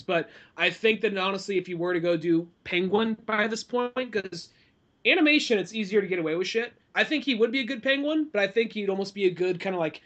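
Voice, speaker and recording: A young man with a notably high, bright voice muses aloud in loose podcast banter. He swears freely and thinks out loud as he goes. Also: lo-fi sound. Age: 20s. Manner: loose, profane, musing. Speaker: podcast co-host. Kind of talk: casual chat.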